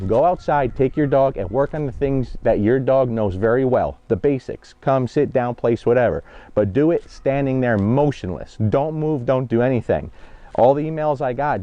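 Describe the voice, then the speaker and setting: A dog trainer talks plainly and directly, pausing every so often to check that viewers are following along. His mid-pitched voice comes through dull and muffled, as if from a half-broken mic. The sound is dry, with almost no room echo. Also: lively intonation. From New Jersey, USA. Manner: direct, conversational, keeps checking in with "okay?" and "guys". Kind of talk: instructional vlog while training a dog.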